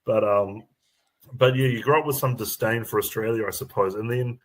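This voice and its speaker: A low-voiced man with a New Zealand accent talks through a casual chat. He rambles, circles back and fills the gaps with ums and false starts as he works toward his point. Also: steady tone, moderate pace, slight background noise. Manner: rambling, full of ums and restarts. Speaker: comedian guest.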